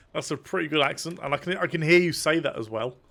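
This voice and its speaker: A man streaming a game live, swearing often and talking to his viewers in excited bursts. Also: a little high, creaky. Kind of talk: live gameplay commentary.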